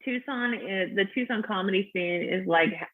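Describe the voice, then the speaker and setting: A woman in her forties talks comedy in a frank, profane, laughing way, her voice husky and breathy. She comes through a video call on a tinny, phone-like line. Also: medium pitch, normal speed. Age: 40s. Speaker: stand-up comedian, guest. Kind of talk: casual chat.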